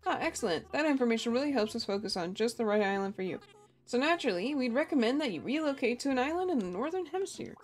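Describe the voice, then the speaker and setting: A woman reading aloud the lines of a cheerful, polite male raccoon salesman from a game, in a brisk, chipper way. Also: fairly high pitch, animated, natural voice. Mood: upbeat.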